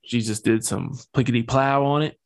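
A young man hosting a relaxed podcast, talking through scripture with slang, jokes and plenty of "um" and "like." His voice sits at an ordinary middle pitch for a man. He keeps the tone loose and conversational. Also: normal speed, gravelly. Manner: slangy, joking, loose with fillers. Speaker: podcast host. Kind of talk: casual scripture talk.

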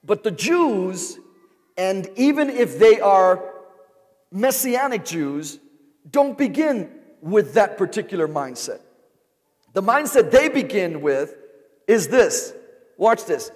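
A man's voice: sits high, big pitch swings, takes it slowly, pauses often. A man preaching a sermon as pastor, calling out questions for the congregation to answer. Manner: call-and-response preaching, repeated rhetorical questions to the congregation. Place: large church sanctuary. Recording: long reverb of a large hall.

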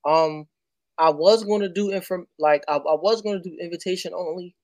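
Man, guest on a video call, slightly high voice, dry close sound, animated, lots of fillers. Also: dry recording. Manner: animated, quick bursts when excited, many fillers. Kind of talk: casual chat.

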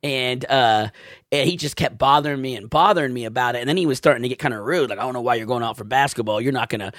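A man's voice: mid-range voice, a bit bright, no room sound, clean studio sound. A young man casually telling a joking story on a podcast. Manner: joking, laid-back storyteller. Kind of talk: casual chat.

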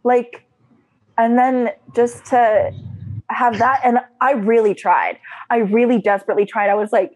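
A young woman in casual chat, emphatic and animated, laughing often. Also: on the high side, moderate pace.

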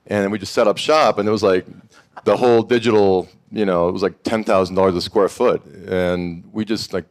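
A middle-aged man from Montana telling a lively story on a panel, acting out the people he quotes. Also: fairly low pitch, normal speed. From Montana, USA. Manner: animated storyteller, acts out quoted voices. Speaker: founder of a summit and network.

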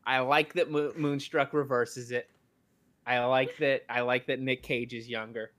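A man co-hosts a podcast, chatting casually in a medium-pitched, level voice with a slightly bright quality. He speaks unhurriedly but rambles, restarting often and filling gaps with fillers.

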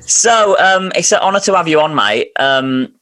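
A man's voice: on the high side, lively intonation, normal speed, sharp tone, slight background noise. Teasing man hosting a podcast. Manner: jokey, teasing. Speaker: podcast host. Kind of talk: casual family podcast chat.

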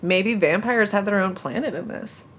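A woman's voice: mid-range voice, normal speed, a little hiss or hum. A woman co-hosting a podcast, chatting casually and thinking aloud, correcting herself as she goes. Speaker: podcast co-host and reader. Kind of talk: casual chat and story reading.

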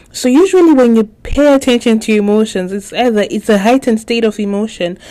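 Young woman, podcast host, mellow warm tone, relaxed chatty delivery with fillers and laughs. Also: medium pitch. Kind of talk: casual solo podcast talk.

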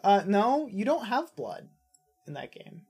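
A co-host in casual podcast chat who trades teasing remarks. The delivery is mostly deadpan, with quick comebacks. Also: medium pitch, slightly rough.

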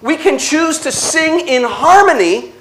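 A man giving an inspirational religious talk, telling stories slowly with dramatic pauses and a playful, animated delivery. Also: very high voice, slight background noise. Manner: slow dramatic storytelling with pauses. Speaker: Catholic speaker.

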